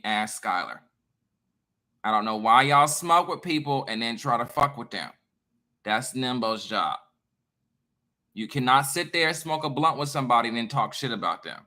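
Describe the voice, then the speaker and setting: A man in a casual monologue to his viewers, emphatic, profane and lecturing, swinging between loud bursts and quiet asides. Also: mid-range voice. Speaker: online creator.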